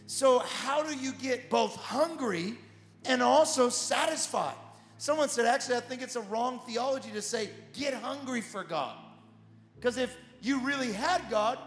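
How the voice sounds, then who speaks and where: A man preaching a sermon as pastor, animated, with repeated phrases that build to shouts. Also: sits high. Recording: echoey hall with music.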